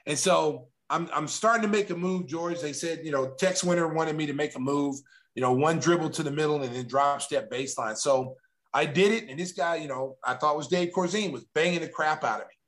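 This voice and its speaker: A man's voice: on the high side, a little fast. A middle-aged man, a former pro basketball player, telling a story casually and animatedly, acting out the lines of others. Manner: animated, acting out quotes, frequent restarts.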